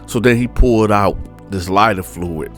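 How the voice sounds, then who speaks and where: A man's voice: on the low side, normal speed, a bit bright, soft background music. A man casually telling a true-crime story in colloquial slang, often checking in with "right?".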